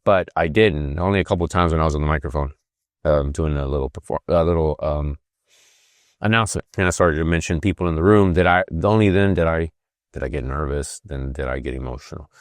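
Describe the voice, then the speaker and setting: A man's voice: a bass voice, a little fast, dry recording, clean studio sound. A man in his fifties hosting a podcast, talking casually and reflectively, with many fillers and restarts. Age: 50s. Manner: emotional, rambling, frequent fillers and restarts. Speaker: podcast host.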